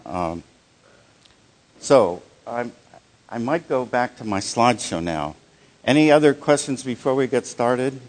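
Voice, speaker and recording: A man leading a live workshop, speaking in a conversational, halting way with many restarts and fillers, checking in with his audience. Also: mid-range voice, animated, darkish tone. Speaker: workshop presenter.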